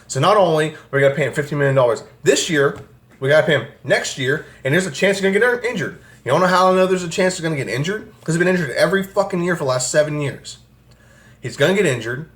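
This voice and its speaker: Young man, fan channel host, furious and profane, slightly high voice, home rant. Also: lively intonation, fast talker, a bit bright. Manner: angry, profane, exasperated ranting. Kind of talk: ranting sports commentary vlog. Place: home room with air conditioner.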